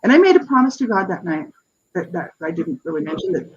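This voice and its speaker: A woman's voice: medium pitch, sing-song, fast talker, husky, dull audio. A woman in her fifties, a guest on a radio interview, earnestly telling her personal story with frequent restarts and asides. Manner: earnest, searching, frequent restarts and "you know, right?". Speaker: interview guest, author and advocate.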